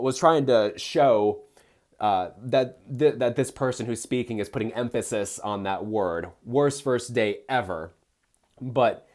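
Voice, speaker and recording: A young man with a lowish, darkish voice hosts a live stream, reading a badly written book aloud. He mocks its prose with sarcastic, exasperated asides, full of fillers and restarts.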